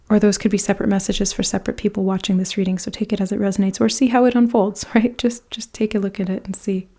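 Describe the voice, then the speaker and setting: A woman giving a pick-a-card tarot reading in a chatty, informal way, often trailing off into soft breathy asides. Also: mid-range voice. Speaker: tarot reader.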